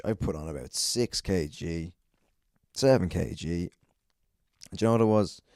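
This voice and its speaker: A man's voice: low-pitched, unhurried, darkish tone, no room sound, clean studio sound. An Irish man hosting a solo podcast, rambling and swearing a lot, self-mocking and a bit out of breath. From Ireland. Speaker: podcast host.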